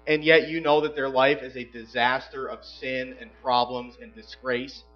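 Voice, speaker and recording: A man preaching a sermon as pastor, emphatic, swinging between loud passages and hushed asides. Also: medium pitch, little pitch movement, normal speed, muffled recording.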